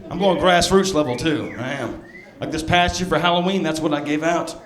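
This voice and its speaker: A man from near Birmingham, Alabama, with a mild Southern accent, doing a stand-up set in a sardonic, storytelling way with quick asides to the crowd. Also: fairly high pitch, a bit bright. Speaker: stand-up comedian. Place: comedy club stage. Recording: echoey club room with crowd laughter. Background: audience laughter.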